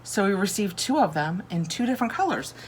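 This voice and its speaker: A woman's voice: medium pitch, big pitch swings, brisk, a little hiss or hum. A woman chatting casually through a home decor unboxing, thinking aloud and gushing over each item. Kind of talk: casual chat.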